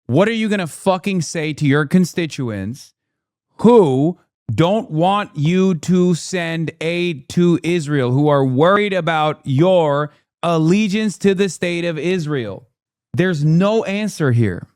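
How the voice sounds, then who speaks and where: A man's voice: on the high side, darkish tone, no room sound, studio quality. A man giving blunt, profane, exasperated commentary on a live-stream reaction show. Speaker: political commentator.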